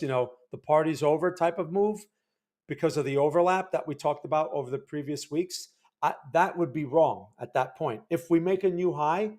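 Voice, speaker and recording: A man's voice: on the high side, a little mellow. A man hosting a livestream, casually talking through market charts and checking in with viewers. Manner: loose, conversational, keeps checking in with viewers. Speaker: livestream market analyst host.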